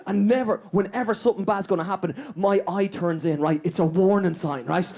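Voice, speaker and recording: An Irish comedian with a high-pitched voice and a darkish tone does live stand-up at a small venue. He delivers a rapid anecdote to the audience, tagging his lines with "right?".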